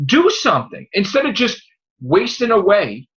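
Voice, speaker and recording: A man holds forth on his podcast in a bright, sharp voice that swings wildly up and down, profane and combative, circling back to the same points again and again. He is getting over an illness. The audio is muffled and lo-fi. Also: sits high, big pitch swings, normal speed. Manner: profane, combative, repetitive ranting. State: recovering from illness. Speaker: podcast host. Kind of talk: casual podcast rant.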